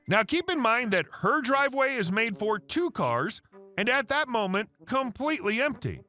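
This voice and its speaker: A man narrating reddit stories aloud in an animated storytelling manner. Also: high-pitched, normal speed. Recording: faint background music.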